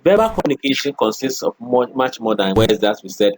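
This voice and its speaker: A man's voice: medium pitch, big pitch swings, a little fast, slight background noise. A middle-aged man lecturing a college class, often checking in with "okay" and "all right" and acting out spoken examples.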